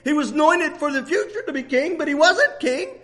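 A man preaching a sermon with passion, often shouting and laughing as he speaks. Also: extremely high pitch, lively intonation, fairly quick.

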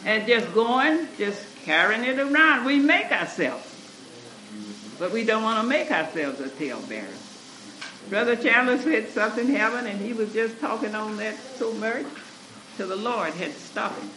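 A man preaches a sermon in a high voice that swings widely in pitch. He takes his time, laughing and drawing the congregation in. The recording is roomy and noisy, as in a church hall. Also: animated, normal speed, bright, forceful tone. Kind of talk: sermon with scripture readings. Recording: echoey church room recording with noise.

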